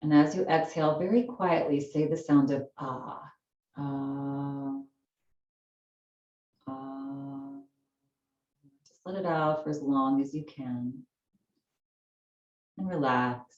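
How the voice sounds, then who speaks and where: A woman leading a gentle chair yoga class, giving soft, slow, soothing cues for breathing and stretching. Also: low voice, steady tone, echoey room, distant mic, muffled recording, soft background music.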